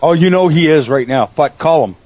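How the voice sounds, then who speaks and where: A man's voice: a little high, a little fast, a little mellow, no room sound, lo-fi sound. A man hosting an online talk show, bantering bluntly and swearing freely. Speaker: show host. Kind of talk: casual profane banter.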